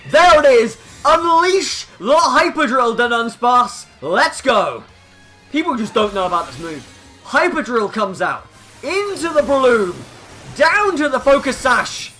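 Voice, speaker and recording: A man giving excitable live commentary over his own competitive video game battle. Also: high-pitched. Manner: excitable, hyping up big plays.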